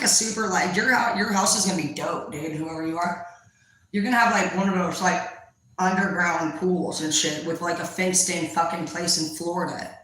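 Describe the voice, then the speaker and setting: Foul-mouthed young woman, bright and echoey. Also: on the low side. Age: young adult. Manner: profane, blunt, rambling. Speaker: tarot reader. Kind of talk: casual vlog reading. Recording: echoey room.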